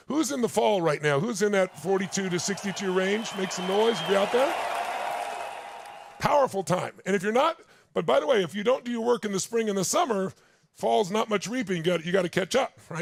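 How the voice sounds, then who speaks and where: A man's voice: high-pitched, animated, a little fast, vocal fry, background noise. A man in his sixties giving a motivational seminar talk, telling stories intensely and speaking straight to his audience. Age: 60s. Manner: intense storytelling, addresses the audience directly. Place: large stage with live audience.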